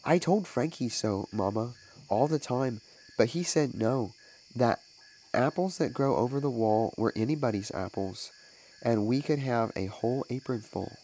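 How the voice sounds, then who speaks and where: A man's voice: medium pitch, a little slow, warm tone, rough recording. A man voicing a small guilty boy who stammers and pleads to defend himself. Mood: pleading. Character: small guilty boy caught with stolen apples.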